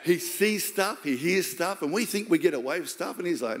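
An Australian man preaching a sermon as pastor, jokey and animated, acting out the voices of the story. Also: high voice, moderate pace, hardly any pauses. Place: large church hall. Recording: long hall reverb.

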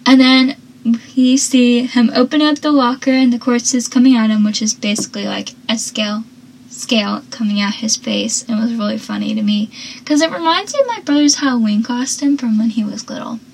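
A woman's voice: a little high, normal speed, gravelly, a little hiss or hum, poor audio. A woman giving a casual, chatty recap of a TV episode, drifting into personal asides. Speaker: show recapper.

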